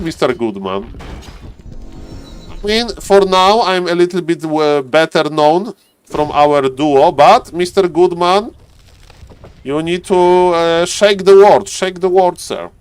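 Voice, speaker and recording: A man's voice: on the high side, smooth, dry recording. A man casually commentating a live strategy game, chatting to viewers and players as he goes. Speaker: esports caster.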